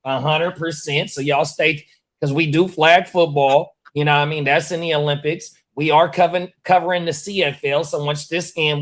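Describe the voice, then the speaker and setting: A man hosting a sports watch party in casual, profane, hyped-up chat. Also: on the high side. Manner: hyped, slangy, swears a lot.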